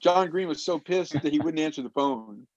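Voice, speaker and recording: A lively storytelling man with a slightly higher voice than most, who slips into the voices of the people in his tale. The sound is dry and dull, with no room around it and little top end. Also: normal speed, no echo. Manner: animated storyteller who acts out quotes. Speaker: roundtable guest. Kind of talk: casual storytelling.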